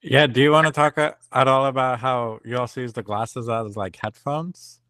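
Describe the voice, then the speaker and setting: A man in a casual group conversation, asking calm, easygoing questions. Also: mid-range voice, moderate pace, no room sound. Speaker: group call participant.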